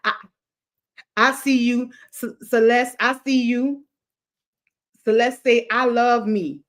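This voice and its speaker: A woman's voice: a little high, steady tone, takes it slowly. A woman hosting a motivational livestream, talking to her chat in an emphatic, repetitive cadence like a preacher. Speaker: livestream host.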